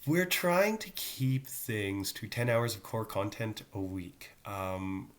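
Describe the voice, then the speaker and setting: A man's voice: lowish voice, takes it slowly. A middle-aged male teacher talking casually to his students, with joking asides. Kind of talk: casual recorded class talk.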